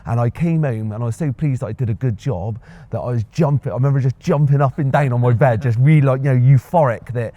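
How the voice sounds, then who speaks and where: Warm-voiced Bristolian actor, halting. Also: male voice, medium pitch, highs cut off. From Bristol, England. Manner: hesitant, many fillers and restarts. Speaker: actor, interview guest. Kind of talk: reflective casual conversation.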